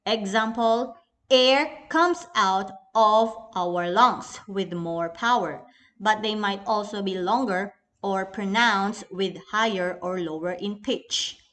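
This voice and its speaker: A woman's voice: medium pitch, slow, a bit bright. A young woman with a Filipino accent teaching an English lesson in a recorded class, patient and instructive, often addressing the class as everyone.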